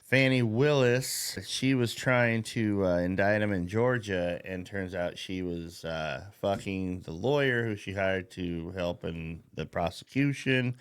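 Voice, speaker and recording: A man's voice: lowish voice, clear, resonant tone. Profane, rambling man ranting on a podcast. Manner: profane, rambling, laughs at his own jokes; mocking. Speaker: podcast host. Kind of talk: casual political rant.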